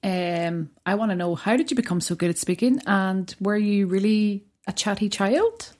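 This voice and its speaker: A woman's voice: mid-range voice, normal speed, a little mellow. A woman with a Donegal Irish accent hosting a podcast, asking easygoing teasing questions. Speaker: podcast host. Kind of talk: casual chat.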